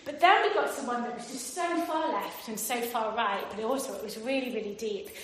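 A woman telling a funny story to a live audience, animated, laughing often and acting out the voices of the people in it. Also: fairly high pitch, fairly quick, echoey room, a little hiss or hum. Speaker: speaker.

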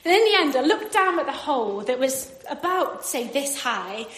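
A woman telling a funny story to a live audience, animated, laughing often and acting out the voices of the people in it. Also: sits high, moderate pace, reverberant. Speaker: speaker.

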